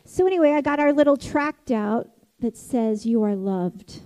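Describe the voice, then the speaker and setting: A woman preaching a sermon, impassioned, swinging from loud declarations to hushed, intimate passages. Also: on the high side, animated, normal speed, poor audio.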